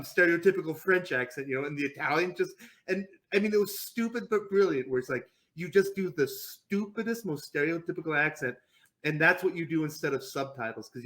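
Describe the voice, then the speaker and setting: Man, casual podcast chat, rambling storyteller, easy laugh, slightly raised pitch. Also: sharp tone. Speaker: podcast co-host.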